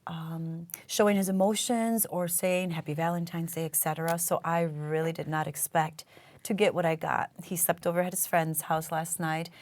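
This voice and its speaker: A woman's voice: fairly low pitch, level tone, normal speed. A woman in her forties co-hosting a casual talk show, telling stories in a gushing, emotional way. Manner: gushing, emotional, warm storytelling. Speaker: co-host.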